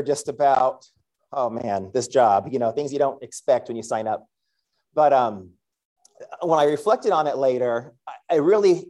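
A man in his thirties, a school principal, giving a devotional message through an animated, self-deprecating story. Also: fairly high pitch. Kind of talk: storytelling sermon.

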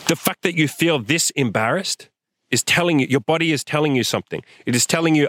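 A man's voice: fairly high pitch, a little fast, no echo, clean studio sound. A young man hosting a show, giving a blunt, profanity-laced motivational rant to a listener, filmed outdoors in the sun. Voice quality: swears a lot, forceful and direct. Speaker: host. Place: outdoors in sunlight.

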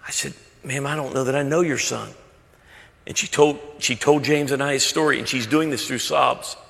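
A man's voice: a little high, fairly quick, vocal fry, a bit bright, long reverb tail. A man preaching a sermon, telling stories with rising passion. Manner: storytelling, impassioned. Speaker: pastor.

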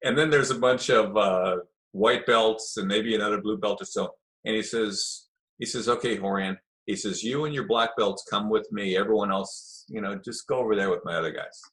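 A middle-aged man telling a story in a relaxed, chatty way, acting out the voices of the people in it. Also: fairly low pitch, moderate pace. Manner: animated storyteller, acts out quoted voices. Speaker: guest telling stories of early jiu-jitsu. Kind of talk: casual storytelling.

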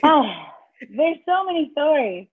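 A woman's voice: sits high, unhurried, no echo. A woman telling faith stories as a guest, acting out the quotes. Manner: animated storyteller, acts out quotes. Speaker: guest, children's ministry leader. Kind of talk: storytelling in a faith interview. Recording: tinny phone-like line.

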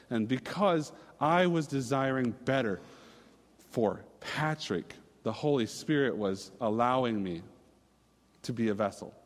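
A man's voice: medium pitch, big-room sound. A man in his thirties from Minnesota, preaching a casual, storytelling sermon with fillers and restarts. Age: 30s.

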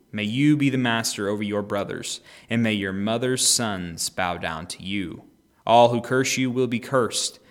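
A man reading the lines of an aged father giving a solemn blessing, in a slow, measured way. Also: fairly low pitch, natural voice. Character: aged blind father blessing his son.

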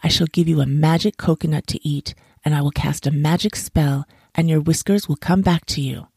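A clever village barber speaks in a polite, measured way with a hint of slyness, in a voice lifted above the reader's low range, as a woman narrator puts him on. The delivery is storybook-calm. The sound is dry and close. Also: breathy edge, dry recording.

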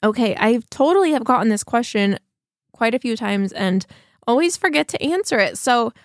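A woman's voice: a little high, expressive, normal speed, no room sound, clean studio sound. A woman, chatting casually and rambling to her viewers, with lots of "like" fillers. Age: 30s. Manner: chatty, rambling, heavy use of "like". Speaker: vlogger.

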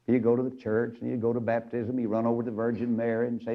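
A man preaching a radio sermon in a folksy storytelling manner, dropping to low murmurs and climbing to shouting peaks, on a dull lo-fi radio recording. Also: little pitch movement, quick pace, hardly any pauses.

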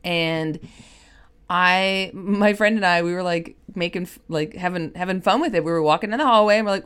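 A young adult woman hosting her own podcast, talking in a bubbly, animated way and acting out the voices she quotes. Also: lowish voice, normal speed, clean tone. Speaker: podcast host. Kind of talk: upbeat solo podcast monologue.

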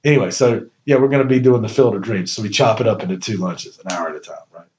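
A man's voice: fairly low pitch, fast, darkish tone, dull audio. A man hosting a podcast in casual chat, rambling and enthusiastic, laughing easily. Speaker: podcast host.

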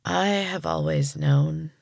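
A woman voicing a solemn young woman who is turning into a tree creature, speaking slowly in a breathy, weary voice. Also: sits low, wildly swooping pitch, darkish tone, dry recording, studio quality, exaggerated voice. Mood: breathy, sad.

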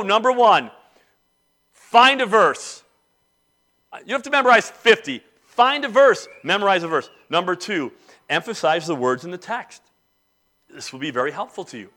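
Bright-voiced emphatic male preacher. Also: on the high side. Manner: emphatic preaching, swinging between soft and loud. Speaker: pastor. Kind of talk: sermon.

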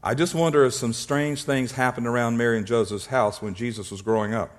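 Male pastor, sermon delivery, playful storyteller, stumbles over words and clears his throat. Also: medium pitch, brisk. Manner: humorous storytelling, acts out little scenes; repeats words and restarts when excited.

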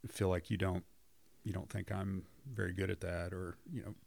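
A man with a very low, gravelly voice, speaking as a marriage counselor in an earnest, affirming way. The sound is close and dry, with no room echo. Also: flat delivery, moderate pace, a little mellow. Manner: earnest, affirming, many back-channel hums. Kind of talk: conversational podcast discussion.

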